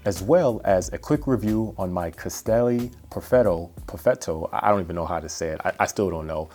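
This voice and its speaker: Deep-voiced man chatting through a gear review. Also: darkish tone. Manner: chatty, self-deprecating, rambling with fillers. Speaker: cycling vlogger.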